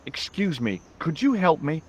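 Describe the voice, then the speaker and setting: A wry hero in a game, narrating with dry sarcasm. His pitch moves in animated ups and downs. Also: moderate pace, husky. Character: wry American tourist-detective hero.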